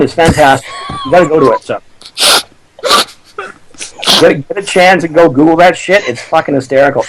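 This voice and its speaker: A man's voice: fairly high pitch, fairly quick, long pauses, a little hiss or hum, low-quality recording. A Canadian man chatting as a guest in a brash, profane, joking way. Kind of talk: casual chat.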